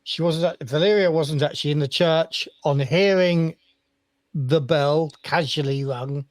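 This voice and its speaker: A man running a tabletop role-playing game as game master, relaxed and rambling with many fillers. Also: fairly high pitch, measured pace, dry recording.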